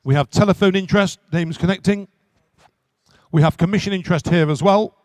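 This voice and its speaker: A man working as an auctioneer at a live car auction, calling bids in quick repetitive runs. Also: high voice, a little mellow, no echo. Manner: rapid repetitive bid calling.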